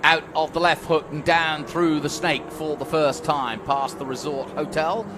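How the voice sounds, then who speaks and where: Brief: male race co-commentator, jokey banter, somewhat high voice, noisy background. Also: unhurried. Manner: playful, joking banter. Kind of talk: live motorsport commentary. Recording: steady noise in background.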